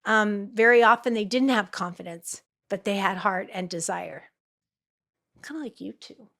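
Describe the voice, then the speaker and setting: This middle-aged woman from Los Angeles works as an acting teacher and coach, and she talks at a normal speed with a creaky voice. Telling stories in a podcast interview, she dramatizes quotes in a high, excited tone.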